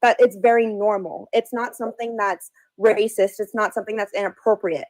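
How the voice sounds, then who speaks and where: A woman's voice: mid-range voice, fairly even intonation, a little fast, a little mellow, no room sound, rough recording. A young American woman calling in to a live debate, explaining her view earnestly and at length. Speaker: caller.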